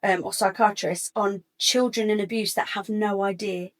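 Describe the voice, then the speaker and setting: A woman's voice: mid-range voice, moderate pace. Woman telling her story. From England. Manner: animated, acts out other people's lines. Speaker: guest. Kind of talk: candid personal storytelling.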